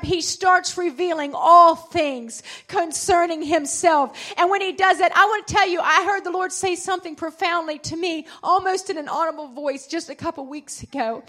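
High-voiced woman preaching with passion. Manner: impassioned, swinging between loud and hushed; calls out to the congregation. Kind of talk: sermon.

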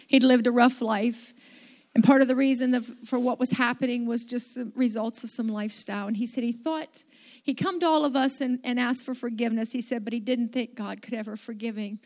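A woman's voice: a little high, fairly even intonation, a little fast. A middle-aged woman pastor telling a story in a conversational sermon, with restarts and asides.

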